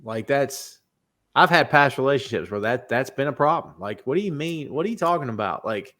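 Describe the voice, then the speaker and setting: A man from the United States co-hosting a casual podcast chat, talking in an animated way, his voice jumping high when excited. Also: brisk. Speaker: podcast co-host.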